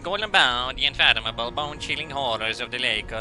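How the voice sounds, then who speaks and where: A man's voice: medium pitch, lively intonation, brisk, over music. A man streaming a game, reading its dialogue aloud and joking crudely, rambling with lots of fillers.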